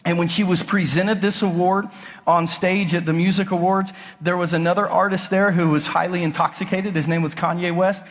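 A man's voice: high-pitched, steady tone, normal speed, long reverb tail. A male pastor preaching a conversational sermon, emphatic and full of rhetorical questions. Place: large church auditorium.

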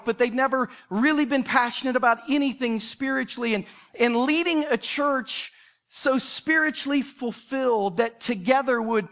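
A man with a notably high voice preaches a sermon, telling his own story. He speaks in an earnest, confessional way, like a middle-aged pastor opening up to his congregation. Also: a bit bright.

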